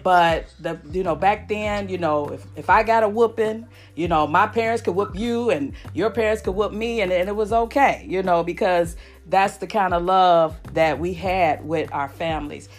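Low-voiced heartfelt woman host. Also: moderate pace, few pauses, faint music behind. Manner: emotional, repeats phrases, folksy. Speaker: podcast host. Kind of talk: heartfelt casual chat.

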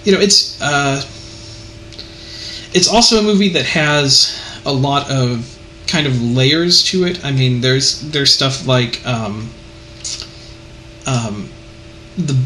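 A man's voice: medium pitch, lively intonation, takes it slowly, pauses often, bright, forceful tone, a little hiss or hum, low-quality recording. A man in casual conversation about a movie, speaking thoughtfully and hesitantly with many fillers. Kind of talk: casual film discussion.

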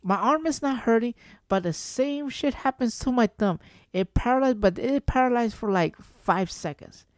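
A man's voice: very high voice, moderate pace, no room sound. A man tells a story casually and loosely, stumbling over his words and restarting them. His voice sounds dry and close, with no room around it. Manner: rambling, animated, swears, repeats and restarts. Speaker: vlogger.

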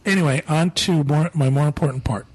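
A man's voice: on the high side, brisk, a little mellow, slightly rough. A man co-hosting a podcast, reading listener email aloud in a casual, joking way. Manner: joking, laughs often. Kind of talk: casual chat.

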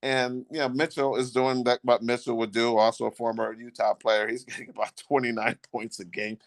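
Man, gravelly voice, dry close sound, rambling casual sports talk, lots of restarts. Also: mid-range voice, little pitch movement, no echo. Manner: rambling, halting with many restarts. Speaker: podcast co-host.

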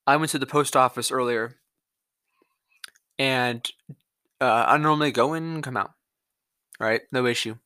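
A man's voice: medium pitch, measured pace, long pauses, sharp tone, clear, resonant tone, no echo, clean studio sound. A young man with a Mississippi Southern accent hosting a podcast, ranting angrily with lots of profanity and restarts. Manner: angry, profane, rambling with restarts. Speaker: podcast host. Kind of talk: political rant monologue.

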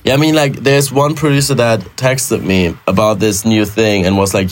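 Casual man with a lowish voice. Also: steady tone, moderate pace, few pauses. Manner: loose, repetitive restarts and swearing. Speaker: podcast co-host. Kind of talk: casual chat.

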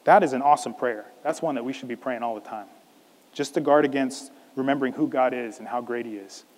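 A man preaching a sermon as a pastor, animated, acting out a scripture scene in different voices. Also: mid-range voice, a little fast, big-room sound.

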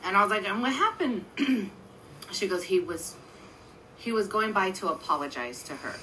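A woman's voice: medium pitch, lively intonation, moderate pace, bright, forceful tone, a little hiss or hum, poor audio. A woman in her thirties, co-hosting a podcast, telling a long story in casual, profane chat. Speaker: podcast co-host.

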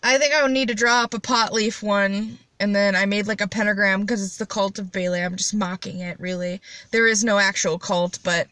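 A young woman hosting a casual solo chat, high and rambling with blunt, profane jokes. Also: fairly even intonation, brisk, hardly any pauses, sharp tone, no echo. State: high on cannabis. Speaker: podcast host.

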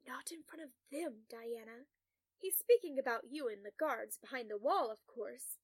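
A woman's voice: on the high side, lively intonation, normal speed, no echo, clean studio sound. A woman voicing an eager, insinuating male patient in an audio story. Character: delusional grinning male patient, unsettling.

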